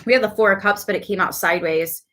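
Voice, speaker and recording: A woman giving a casual tarot reading to her viewers, chatty and quick to laugh, with animated asides. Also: medium pitch, a little hiss or hum. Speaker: tarot reader.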